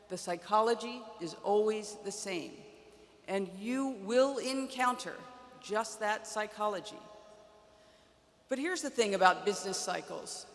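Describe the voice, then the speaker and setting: A woman around 60 giving a prepared commencement keynote from a podium, measured and wry, with dry humor in her storytelling. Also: medium pitch. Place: large indoor arena. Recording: long arena reverb.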